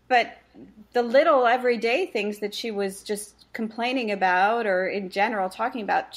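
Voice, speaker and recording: Woman coach, podcast guest, earnest and explanatory, mid-pitched voice. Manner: earnest, explanatory, tells client stories. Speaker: face reading practitioner and coach. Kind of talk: conversational podcast interview.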